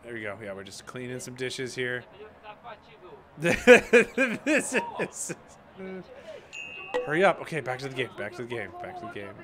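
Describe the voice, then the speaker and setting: A man's voice: mid-range voice, fast talker, crowd noise. A man hosting a gaming channel, chatting in a bemused way to himself as he plays a game. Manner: chatty, bemused, talking to himself while playing. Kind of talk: let's play commentary.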